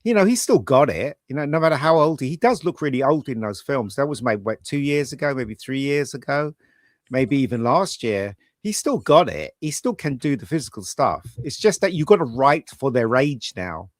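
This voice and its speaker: A man co-hosting a casual pub chat, rambling through animated opinions. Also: medium pitch, moderate pace, dry recording, clean studio sound. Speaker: co-host.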